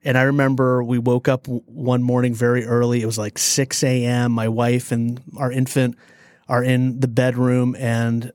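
A man co-hosting a podcast, telling a story in a lively, dramatic way. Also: medium pitch, dry recording, studio quality. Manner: animated storyteller, dramatic pauses. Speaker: podcast co-host. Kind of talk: casual storytelling chat.

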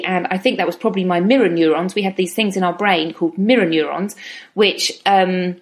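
Calm, thoughtful middle-aged woman. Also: on the low side. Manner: calm, thoughtful, slows down on key words. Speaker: self-help speaker. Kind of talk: reflective teaching talk.

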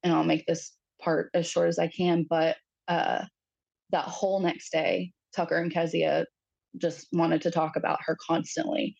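A woman in her thirties talks through a personal story as a podcast guest. Her voice is husky and sits low, with halting phrasing, frequent fillers and voices put on for quoted family members. The audio is dry and muffled. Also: flat delivery, a little mellow, no echo.

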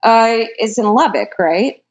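A woman's voice: a little high, lively intonation, measured pace, lo-fi sound. A young woman in her twenties, a falconer, chatting casually and telling stories with lots of fillers. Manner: chatty storyteller, many likes. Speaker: guest falconer. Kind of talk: casual chat.

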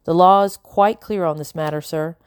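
A woman reading the lines of a self-assured gentleman who explains the law in a calm, lecturing way. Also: fairly high pitch, moderate pace, clean tone, no echo, studio quality, close to an everyday voice.

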